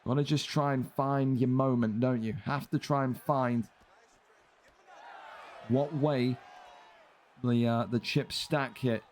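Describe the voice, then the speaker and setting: A man with a blocked, stuffy nose doing energetic play-by-play commentary on video game fights. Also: medium pitch, takes it slowly, pauses often, some chatter behind, slight background noise. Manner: energetic play-by-play, rising to shouts on big hits.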